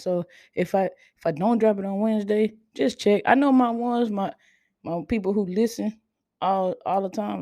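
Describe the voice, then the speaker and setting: Laid-back woman podcast host, mellow and dry. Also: lowish voice, dry recording. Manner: self-described monotone, laid-back delivery. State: tired, sleepy. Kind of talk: casual chat.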